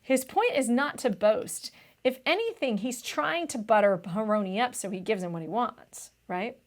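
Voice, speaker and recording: A woman's voice: on the high side, animated, normal speed. Chatty young woman tutoring test prep. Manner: chatty, says "vibe" and "like" often. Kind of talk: casual explanatory lesson.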